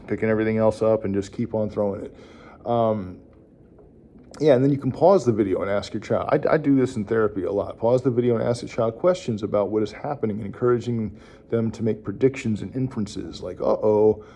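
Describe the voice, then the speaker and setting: Relaxed man with a low, mellow voice. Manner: relaxed, rambling with many fillers and restarts. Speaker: speech-language pathologist. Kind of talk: casual instructional talk to parents.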